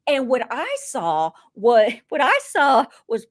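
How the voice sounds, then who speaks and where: A woman's voice: high-pitched, slow pace. A woman with a Southern American accent, co-hosting a casual reality-TV recap podcast and acting out quotes playfully. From Southern United States. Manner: animated, playful, acts out quotes. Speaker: podcast co-host.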